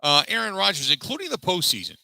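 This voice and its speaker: A man's voice: high voice, huge pitch swings, fast, gravelly, bright, forceful tone, dry recording, rough recording. A man hosting a sports talk show, recapping a press conference and reeling off statistics in a conversational way, with many fillers. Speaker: sports radio host. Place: live broadcast from a pub.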